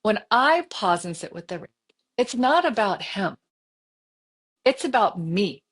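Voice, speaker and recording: A woman in her fifties telling a story as a podcast co-host in casual chat, animated and acting out her own inner voice. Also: mid-range voice, unhurried, husky. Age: 50s.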